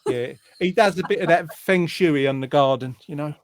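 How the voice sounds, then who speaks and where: A man's voice: fairly high pitch, moderate pace. A man hosting a casual online chat show over a video call, rambling and teasing, with many hesitations. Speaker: host.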